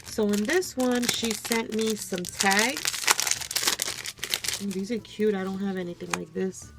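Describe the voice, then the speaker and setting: At her home craft desk, a woman running a crafting channel unboxes a gift package as casual show-and-tell, gushing over each item and calling viewers "you guys." She is coming down with a cold and sounds a bit low on energy, speaking at a measured pace with fairly even intonation and vocal fry. The recording is very noisy.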